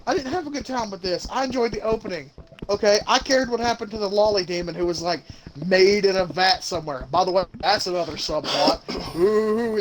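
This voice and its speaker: A young man co-hosting a podcast, ranting and swearing in an animated casual chat. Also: high voice, low-quality recording. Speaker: podcast co-host.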